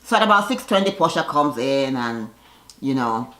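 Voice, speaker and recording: A woman's voice: a bass voice, expressive, moderate pace, fairly bright tone. A woman giving a casual recap of a reality TV episode, with sassy commentary and a habit of acting out the cast's lines in voices. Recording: roomy echoey room.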